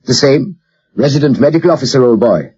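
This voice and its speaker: A man voicing a chubby, good-humoured doctor with a deep voice and an Irish accent, in an audiobook. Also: animated, a little fast, darkish tone, slightly rough, highs cut off. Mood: jovial. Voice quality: deep voice, says "old boy" constantly. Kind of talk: audiobook character voice.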